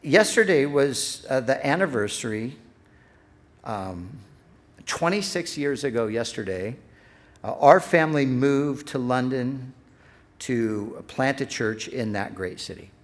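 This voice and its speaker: Middle-aged man, pastor giving a sermon, earnest, stresses repeated phrases, mid-pitched voice. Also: expressive, slow pace.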